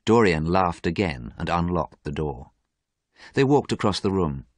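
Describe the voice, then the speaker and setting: A man narrating a graded story in a steady, clear storytelling manner. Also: low-pitched, measured pace, no echo.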